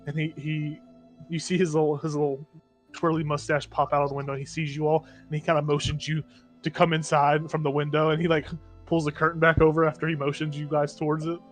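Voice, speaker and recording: A man's voice: on the high side, fairly even intonation, brisk, soft background music. A man narrating a tabletop game as game master, in a casual, rambling way. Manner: casual, rambling, with many fillers.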